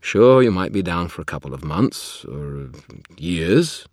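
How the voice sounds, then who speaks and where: A man's voice: sits low, sing-song, measured pace, no room sound, clean studio sound, heavily acted. A man reading an audiobook and voicing a chatty, know-it-all male spirit who rambles and wisecracks. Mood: flippant. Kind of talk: audiobook character voice.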